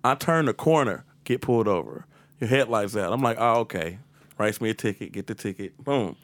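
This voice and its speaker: Animated, profane man telling a story. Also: lowish voice, a little fast, dry recording. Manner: animated, profane, acts out his own outbursts loudly. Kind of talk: casual storytelling chat.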